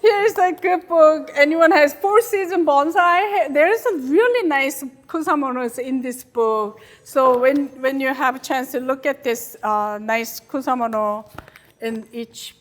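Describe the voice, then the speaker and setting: A high-voiced Korean woman lectures a club audience in a chatty, animated way. Her English has a Korean accent and loose, non-native grammar. She sounds warm and talkative while she walks through her slides. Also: a little slow. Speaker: guest lecturer.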